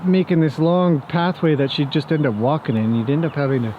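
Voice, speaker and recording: A man's voice: a little high, fairly quick, dull audio, slight background noise. Chatty man talking to his horses outdoors. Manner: chatty, joking, talks to the horses. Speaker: horse trainer. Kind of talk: casual vlog talk to camera and horses.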